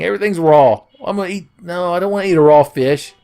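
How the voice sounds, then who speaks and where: A man's voice: high-pitched, quick pace, few pauses, warm tone. A man hosting a let's play, giving profane, sarcastic, joking commentary. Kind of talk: gameplay commentary.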